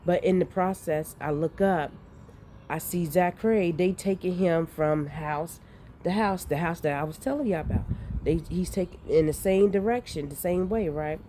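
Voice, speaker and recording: A woman, telling a dream in a rambling, profane, animated way. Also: on the low side, normal speed, slight background noise. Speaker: vlogger recounting a dream. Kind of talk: casual storytelling.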